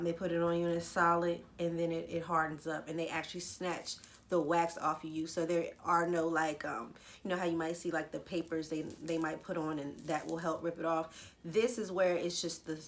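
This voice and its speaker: A young adult woman telling a candid, slangy story as a vlogger. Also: fairly low pitch. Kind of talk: casual storytelling vlog.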